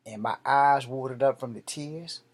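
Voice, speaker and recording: A man telling a personal story in a vlog, animated and profane, swinging between loud and soft. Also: medium pitch, normal speed. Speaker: martial arts vlogger.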